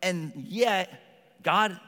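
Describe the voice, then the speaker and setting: A man's voice: high-pitched, extremely slow, sharp tone, big-room sound. A male pastor preaching a sermon in a conversational way, with frequent asides to the congregation, in a church. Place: church sanctuary.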